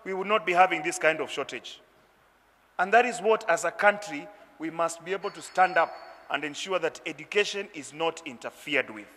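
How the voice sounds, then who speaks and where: An emphatic man speaks at an education meeting. His voice is high and bright. The hall around him adds a long reverb. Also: moderate pace. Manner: impassioned, emphatic. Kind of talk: formal public speech.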